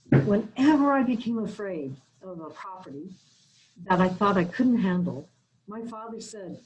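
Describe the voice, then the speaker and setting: A middle-aged woman, a business owner, telling her life story in a chatty way, often restarting, with loudness rising and falling. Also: medium pitch, lively intonation, moderate pace, dull audio, slight background noise.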